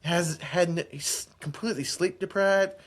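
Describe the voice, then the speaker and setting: A young man in a casual podcast chat, telling excitable stories, laughing and saying bro and dude. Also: on the high side, normal speed.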